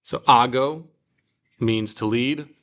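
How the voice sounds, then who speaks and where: Reading example sentences aloud, a man in a mid-range voice teaches a laid-back Bible Greek lesson. His explanations come slowly and are sprinkled with casual fillers.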